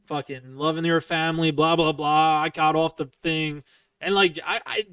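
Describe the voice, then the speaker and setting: A man's voice: on the high side, fairly even intonation, normal speed, a bit bright, clear, resonant tone, no echo. Profane young man telling a heated story. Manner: profane, heated, rambling retelling. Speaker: podcast host. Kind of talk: casual storytelling chat. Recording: dry, somewhat distant from the mic.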